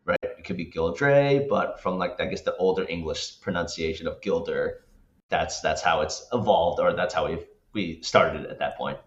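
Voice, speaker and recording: A man's voice: sits low, steady tone, normal speed. A man guest on a podcast, talking casually and rambling, with many restarts and tag questions. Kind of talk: casual interview talk. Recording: echoey, dull lo-fi sound.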